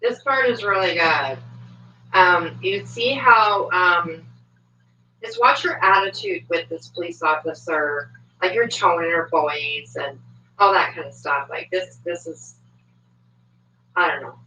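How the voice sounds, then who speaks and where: A woman's voice: on the low side, slow, sharp tone, slight background noise. A woman hosting a casual livestream, chatty and swearing freely, with lots of fillers, talking from home at a desk microphone. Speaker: livestream commentator. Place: home, moves between desk and kitchen. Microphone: desk microphone, at times far from it. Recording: echoey, distant, dull home stream audio.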